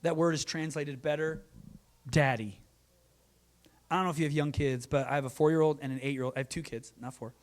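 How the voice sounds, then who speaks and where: A man in his thirties preaching a sermon, earnest, moving between loud emphasis and quiet, soft asides. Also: fairly high pitch, fairly even intonation, brisk. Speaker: pastor.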